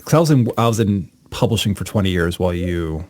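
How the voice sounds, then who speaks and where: A middle-aged podcast host with a Baltimore accent and a low, deep voice. He talks in a casual, excitable way, with loud exclamations. The sound is close and dry. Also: fast talker, no echo. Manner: excitable, exclamatory, jumps high in pitch when surprised. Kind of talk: casual interview chat.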